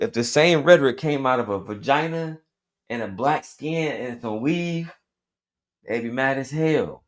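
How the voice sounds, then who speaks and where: A man hosting a reaction commentary show, talking bluntly in profane street slang and hammering his points with repetition. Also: medium pitch.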